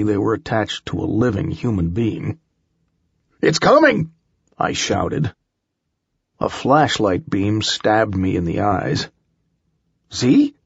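Gravelly, slow-reading male audiobook narrator. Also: fairly low pitch, dry recording, muffled recording. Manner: measured, unhurried storytelling. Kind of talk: first-person audiobook narration.

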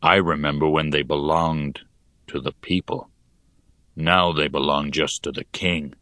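A man doing a gruff, slow-spoken ditch digger. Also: rumbling low, dry recording, studio quality, heavily acted. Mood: calm. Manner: calm, slow and plain-spoken. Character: gruff, burly middle-aged male ditch digger. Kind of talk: audiobook character voice.

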